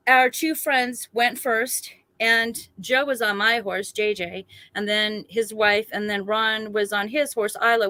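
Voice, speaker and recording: A woman, a guest telling a personal story in a chatty, animated way and acting out other people's lines. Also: on the high side, no echo. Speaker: guest recounting a sighting.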